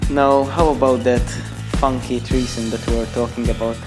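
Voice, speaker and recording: A man's voice: medium pitch, level tone, moderate pace, music in the background. A young man reading a crude comic story aloud, breaking off for mocking asides to the listener. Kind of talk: mock bedtime story reading.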